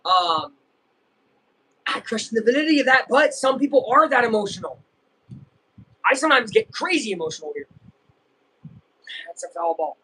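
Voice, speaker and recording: A young man casually chatting and reacting while streaming a live baseball game, rambling and breaking into excited yells. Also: very high-pitched, moderate pace, long pauses, a little hiss or hum, poor audio. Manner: rambling, self-interrupting, bursts of excited yelling. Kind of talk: casual live game watch-along chat.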